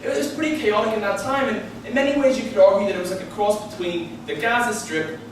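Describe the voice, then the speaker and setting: A young man from Belfast with a Belfast accent, doing a stand-up comedy set on stage, talking fast and enthusiastically. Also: high voice, a little hiss or hum. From Northern Ireland. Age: young adult. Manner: quick and enthusiastic. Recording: echoey venue, heard from a distance.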